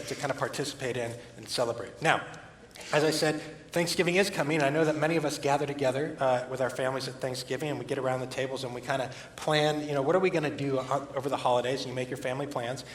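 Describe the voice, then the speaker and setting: A man giving church announcements in a quick, enthusiastic, inviting way. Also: mid-range voice. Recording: echoey hall from far off with faint noise.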